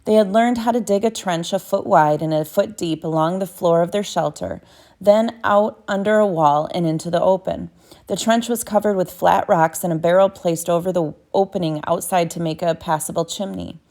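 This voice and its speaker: Steady woman reading an audiobook. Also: fairly low pitch, moderate pace. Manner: steady, with small self-corrections. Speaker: audiobook narrator.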